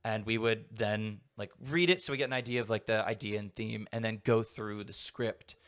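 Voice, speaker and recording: A man's voice: lowish voice, moderate pace, a bit bright, smooth. A young adult man talking casually as a podcast guest, rambling and filling his sentences with "like". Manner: rambling, heavy use of "like" fillers. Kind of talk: casual conversation.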